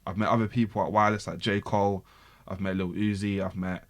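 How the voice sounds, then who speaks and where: A man, a podcast guest telling a story in lively slang and repeating words for emphasis. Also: low voice, fast talker. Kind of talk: casual storytelling.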